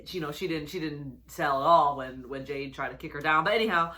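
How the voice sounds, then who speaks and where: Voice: mid-range voice, a little fast, sharp tone. A reviewer giving a casual recap of a wrestling episode, rambling with lots of fillers and restarts, and chuckling often.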